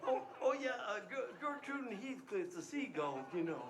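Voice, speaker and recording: Guy doing old-school stand-up impression, folksy and stammery, kinda high voice. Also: sing-song, normal speed, a crowd in the background, background noise. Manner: folksy, stammering joke-telling. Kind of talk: live stand-up storytelling.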